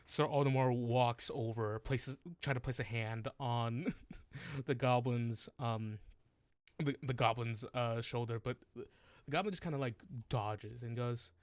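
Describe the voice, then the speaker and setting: A man running a tabletop game, telling the scene with halting restarts and a medium-pitched voice. His sound is dry and close to the mic. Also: dry recording. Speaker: game master.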